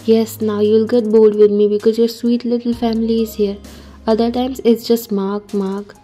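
Mischievous man teasing his boss, as a woman reads him, joking tone, warm, flat delivery. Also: a little high, normal speed, faint music behind, close to an everyday voice. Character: teasing playful male best friend and employee.

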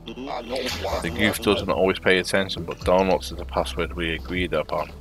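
A sentimental old fight coach from a video game, fatherly toward his fighter, read aloud by a man in his own deep voice. The delivery is plain and flat. Soft music plays faintly underneath. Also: moderate pace, lightly acted.

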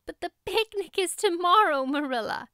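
Woman doing a high pleading young girl. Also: unhurried, a bit bright, no echo, studio quality. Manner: pleading, breathless, high and urgent.

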